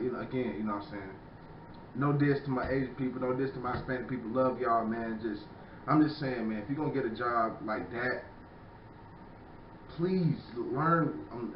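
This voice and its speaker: A man's voice: medium pitch, background noise. A young man hosting a casual podcast, ranting in a profane, rambling way and repeating "you know what I'm saying.". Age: young adult. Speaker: podcast host. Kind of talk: casual rant. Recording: echoey room, far from mic, dull.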